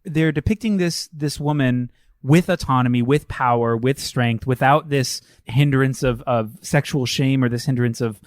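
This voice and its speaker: A man's voice: medium pitch, normal speed, no echo, clean studio sound. A man co-hosting a casual film podcast, enthusiastic and acting out scenes as he retells them. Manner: enthusiastic, acts out characters while telling. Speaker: podcast co-host.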